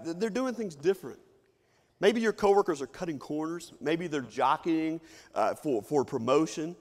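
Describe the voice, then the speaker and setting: A middle-aged man from Kentucky preaching a sermon and telling stories, now and then mimicking other people's voices. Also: sits high. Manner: storytelling, mimics imagined voices. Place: church sanctuary. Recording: long reverb of a church hall.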